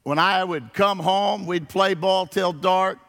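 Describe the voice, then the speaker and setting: A man preaching a sermon, telling folksy stories in an animated way. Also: high-pitched, takes it slowly, creaky, faint music behind. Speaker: pastor. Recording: long hall reverb.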